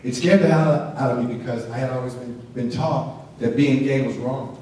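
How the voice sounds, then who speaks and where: A man's voice: mid-range voice, steady tone, moderate pace, mellow, a little hiss or hum. A man giving an earnest personal story to an audience, acting out the dialogue as he goes. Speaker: speaker at a symposium. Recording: echoey hall, voice from far off.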